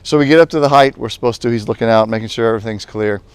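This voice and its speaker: A male pastor telling a personal story in a lively way, then turning earnest and reflective as he draws a lesson. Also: medium pitch, racing, smooth, no room sound. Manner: animated storytelling, later calm and earnest. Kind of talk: storytelling devotional talk.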